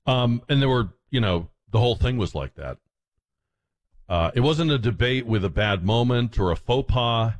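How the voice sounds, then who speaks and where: A man hosting a talk radio show, delivering an animated, indignant and sarcastic monologue. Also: mid-range voice, moderate pace.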